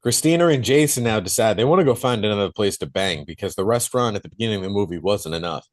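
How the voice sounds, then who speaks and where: A man co-hosting a podcast, casually retelling a movie plot in animated detail and swearing freely. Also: fairly low pitch, quick pace. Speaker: podcast co-host reviewing a film.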